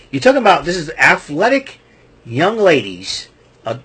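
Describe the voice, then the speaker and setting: A man giving a rambling, casual wrestling recap, chuckling often and filling pauses with ums and restarts. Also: a little high, sing-song, a bit bright, slightly rough.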